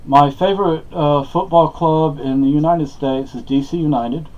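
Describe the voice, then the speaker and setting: A man's voice: fairly high pitch, normal speed, lo-fi sound. A man talking casually to camera in a rambling, hesitant way, full of fillers and restarts. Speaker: vlogger.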